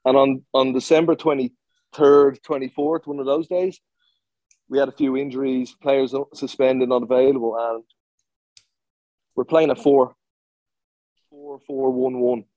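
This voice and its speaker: Blunt, swearing man, mellow dry voice. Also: mid-range voice, no room sound, muffled recording. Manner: blunt, swears freely, animated retelling with rapid restarts. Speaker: former professional footballer. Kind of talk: storytelling in a podcast interview.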